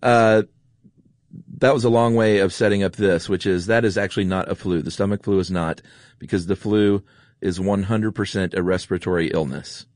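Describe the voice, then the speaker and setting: A man's voice: low-pitched, steady tone, normal speed, a little mellow, dry recording, clean studio sound. A man co-hosting a podcast in casual chat, joking and telling rambling personal stories. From Atlanta area, US. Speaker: podcast co-host.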